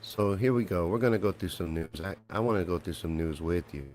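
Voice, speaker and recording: A man's voice: low voice, fairly quick, a little mellow, slight background noise. A man hosting a live comedy stream, rambling and swearing freely while he riffs on memes and news and asks viewers questions.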